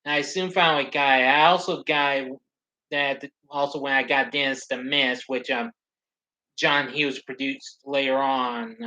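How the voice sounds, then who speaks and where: A man chatting casually on a live stream, rambling along with halting restarts and fillers. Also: mid-range voice, fairly even intonation, pushed and bright, low-quality recording.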